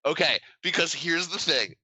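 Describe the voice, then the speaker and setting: A young man co-hosting a podcast in casual banter, rambling and animated, swearing often and laughing a lot. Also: on the high side, normal speed, no room sound, rough recording. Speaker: podcast co-host.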